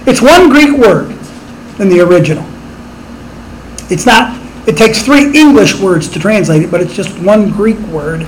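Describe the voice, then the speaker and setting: A man's voice: high-pitched, expressive, unhurried, pauses often, a little hiss or hum, poor audio. A middle-aged man preaching a sermon as pastor, emphatic and rising on his rhetorical questions.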